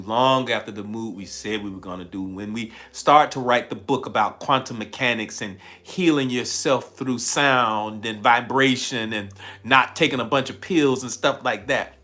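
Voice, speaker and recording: A man from the American South with a Southern accent, speaking at a middle pitch during a live-streamed motivational talk. He repeats key lines for emphasis, stretches some words out slowly, and laughs often between thoughts. Faint music plays softly behind him. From Southern United States.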